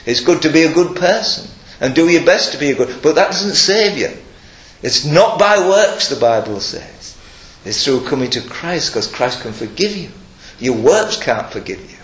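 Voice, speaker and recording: A man's voice: a little high, echoey room. An older man preaching a sermon, earnest and emphatic, mixing scripture with personal stories.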